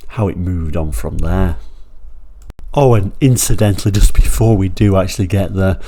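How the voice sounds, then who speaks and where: A low-voiced man with a gravelly, mellow tone. He talks casually through old car brochures, digressing freely and then steering himself back to the point. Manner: chatty and rambling, digresses then pulls himself back on track. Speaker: channel host.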